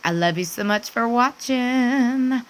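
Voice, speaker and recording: A woman's voice: fairly high pitch, slow, poor audio. A woman, chatting to her viewers in gushing, repetitive commentary with folksy asides. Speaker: celebrity gossip vlogger.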